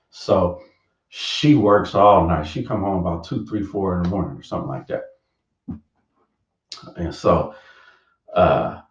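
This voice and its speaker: Man telling a story in a roomy room. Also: fairly low pitch. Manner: animated, acts out his younger self in a raised voice. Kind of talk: casual personal storytelling. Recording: roomy, distant, dull lo-fi sound.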